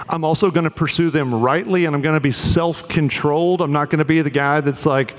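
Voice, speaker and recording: A man's voice: fairly high pitch, normal speed, few pauses. A man giving a casual, conversational sermon with joking asides, talking directly to the young men in the room. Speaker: pastor. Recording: long hall reverb.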